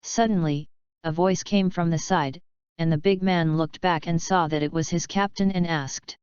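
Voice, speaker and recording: A woman narrates a story audiobook in an even, matter-of-fact way. Her voice is a little low and very clear. The recording is dry and close, with a dull, lo-fi tone. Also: normal speed, no echo.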